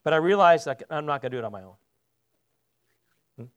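High-voiced pastor preaching conversationally. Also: male voice, expressive, fast talker. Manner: conversational, asks the congregation questions. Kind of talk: sermon. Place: church sanctuary.

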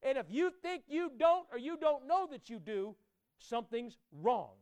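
A man preaching a sermon to his congregation, emphatic and direct, often repeating his words and rising to loud climaxes. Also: extremely high pitch, sing-song, measured pace, clear, resonant tone, no echo. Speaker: pastor.

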